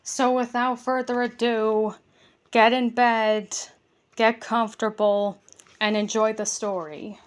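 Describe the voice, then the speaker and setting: Woman reading a kids' bedtime story, slow, gentle and a bit high. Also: level tone.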